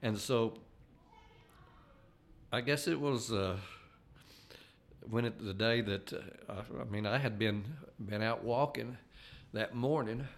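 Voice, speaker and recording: An older man with a drawl tells his personal testimony in a fairly low voice. He is earnest and unpolished, stumbling and restarting his sentences as he goes. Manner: earnest, halting with frequent restarts. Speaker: layman giving a faith testimony.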